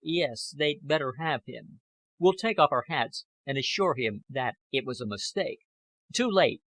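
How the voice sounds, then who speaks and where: A man voicing a cold, scheming man who answers curtly and evasively, in a husky voice. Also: medium pitch, very animated, fairly bright tone, no echo. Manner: measured, curt replies.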